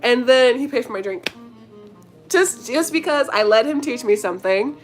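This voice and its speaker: Young woman rambling to her followers, giggly and slangy, soft music underneath. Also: fairly high pitch, expressive, moderate pace. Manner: giggly, chatty, slangy, frequent laughter and fillers. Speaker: vlogger answering viewer questions. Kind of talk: casual storytelling chat.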